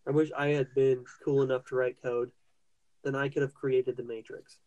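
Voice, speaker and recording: A relaxed man talks casually with friends and swears freely. His pitch barely moves, so he sounds even and flat. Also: moderate pace, lo-fi sound. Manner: laid-back, profane, flat delivery. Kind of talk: casual chat.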